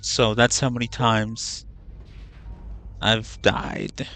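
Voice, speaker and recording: A man's voice: on the low side, level tone, very slow, creaky, pushed and bright, slight background noise. A man streaming a video game, chatting casually in a rambling way, swearing freely, and often correcting himself mid-sentence. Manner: rambling, profane, self-correcting. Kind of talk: casual gaming livestream chat.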